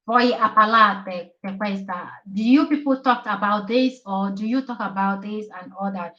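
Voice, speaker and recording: A woman teaching on a live stream who talks in a slow, halting way, with many fillers as she writes, and who repeats verb forms and encourages her viewers. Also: medium pitch, bright, forceful tone. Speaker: Italian language tutor on a live stream. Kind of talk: live-stream language lesson. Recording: echoey, slightly dull live-stream audio.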